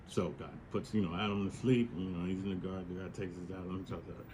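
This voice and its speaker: A man with a lowish voice hosting a podcast, spinning a story in loose, profane slang. Faint hum underneath. He talks animatedly with restarts. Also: steady tone, fast, hardly any pauses, a little mellow, lo-fi sound. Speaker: podcast host. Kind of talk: casual storytelling monologue.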